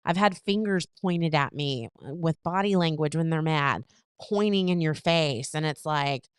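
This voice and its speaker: A woman co-hosting a casual relationship advice podcast, chatty and full of fillers, acting out what people say in quick little retellings. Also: low voice, clear, resonant tone, no room sound, studio quality. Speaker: podcast co-host.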